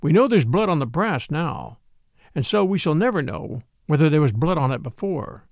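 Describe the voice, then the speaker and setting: A man voicing a quiet little priest detective. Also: a little high, moderate pace, gravelly, no room sound. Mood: calm, grave. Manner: quiet, calm and precise. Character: little mild-mannered male priest detective.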